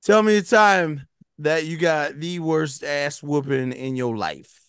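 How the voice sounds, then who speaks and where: Male podcast host, unhurried and smooth, laid-back and joking, dry close sound. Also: on the high side, a bit bright, no echo. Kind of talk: casual chat.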